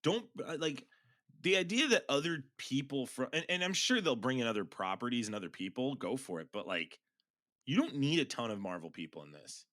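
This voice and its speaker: A man's voice: medium pitch, very animated, fairly quick, sharp tone. A man co-hosting a casual podcast, emphatic and enthusiastic as he shares his opinions. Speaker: podcast co-host.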